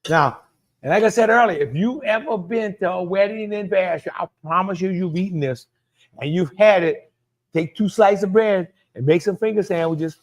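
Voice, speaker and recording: At a moderate pace, a Louisiana cooking show host with a Cajun accent talks viewers through a dish live. His manner is chatty and repetitive, his voice a little higher than most men's, and he greets people in the chat by name.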